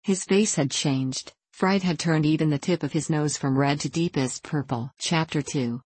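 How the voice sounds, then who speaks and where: Woman narrator, low voice, dry close recording. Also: normal speed, darkish tone, breathy edge, no echo. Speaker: audiobook narrator. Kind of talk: storybook reading.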